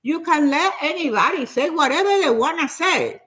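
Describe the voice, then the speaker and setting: An older woman giving a motivational talk in an animated, preachy way, often repeating herself for emphasis. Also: sits high, moderate pace. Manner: acts out other people's nagging voices. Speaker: motivational speaker.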